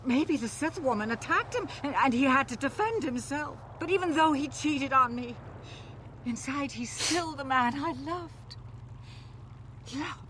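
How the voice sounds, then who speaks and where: An actress playing a distraught wife in a video game, pleading softly for her husband. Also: high-pitched, lively intonation, a little slow. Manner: pleading, soft, sometimes whispered. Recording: game audio with faint noise.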